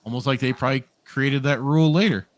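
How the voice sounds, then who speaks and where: A man's voice: mid-range voice, fast talker, a little hiss or hum. A man co-hosting a podcast, rambling through a casual review chat with lots of fillers, restarts and laughs. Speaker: podcast co-host.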